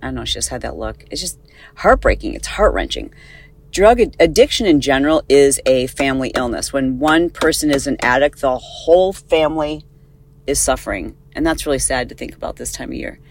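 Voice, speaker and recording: A woman's voice: very deep voice, brisk, low-quality recording. Chatty woman with a slight lisp. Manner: chatty, rambling, animated. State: slight lisp from dental work. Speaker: podcast host. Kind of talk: casual chat, recorded on the go. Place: in a car.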